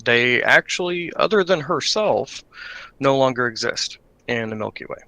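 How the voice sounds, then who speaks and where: Game master, male, halting in-character narration, bright and gravelly. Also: mid-range voice, animated. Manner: rambling, hesitant with many fillers.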